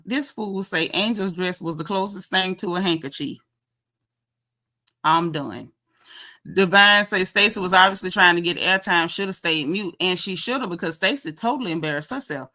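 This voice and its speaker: Sassy black lady recapping a show for her chat, bright voice, animated. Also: mid-range voice, moderate pace. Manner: animated, sassy retelling with quoted lines. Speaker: reality show recap host. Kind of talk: casual recap chat to a live chat.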